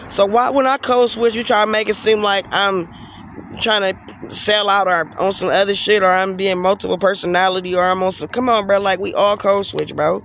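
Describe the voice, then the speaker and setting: A man in his forties with a rather high voice, venting in a blunt, heated, profane way. He is recorded outdoors, with street and traffic noise clearly heard behind him. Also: fairly even intonation, moderate pace, fairly bright tone. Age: 40s. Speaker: vlogger. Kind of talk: casual ranting monologue.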